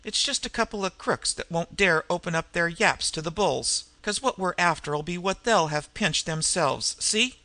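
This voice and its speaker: A man's voice: high voice, expressive, moderate pace, few pauses, pushed and bright, no echo, exaggerated voice. A man voicing a complacent street crook who talks in airy, eager slang in a storybook reading. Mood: breezy.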